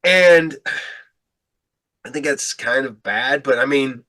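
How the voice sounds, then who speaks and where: A man's voice: mid-range voice, slow, pushed and bright. A man hosting a casual podcast chat, speaking in loose sentences that trail off and restart. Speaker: podcast host.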